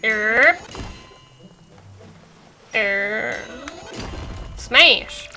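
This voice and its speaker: A woman on the high side of the pitch range, expressive and drawing out her words, gives casual let's-play commentary. She streams a cozy game, staying upbeat and thinking aloud, while soft game music plays in the background.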